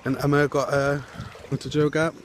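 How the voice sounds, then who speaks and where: A man's voice: fairly high pitch, level tone, normal speed, a crowd in the background. A young man vlogging on a town street into a phone, chatty and self-mocking. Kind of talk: casual vlog chat.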